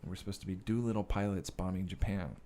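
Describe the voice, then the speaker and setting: A man with a somewhat low voice tells stories as a podcast guest. His speech is casual and profane, and it wanders with plenty of fillers and restarts. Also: fast, mellow, slight background noise. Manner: profane, rambling, many fillers. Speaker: guest actor and director. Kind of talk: casual interview storytelling.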